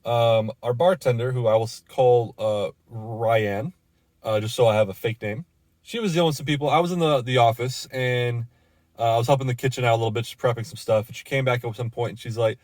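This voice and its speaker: Bar-manager type, male, mid-pitched, rambling and profane as he tells a story, recorded dry. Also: steady tone, a little fast, darkish tone, no room sound. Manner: casual and profane, with many fillers and restarts. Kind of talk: storytelling rant.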